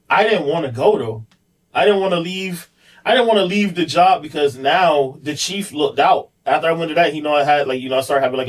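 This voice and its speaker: A man's voice: fairly high pitch, recorded from a distance, low-quality recording. A man on a podcast, candidly telling a personal story in a rambling way, full of fillers and repeats. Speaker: podcast guest, police officer.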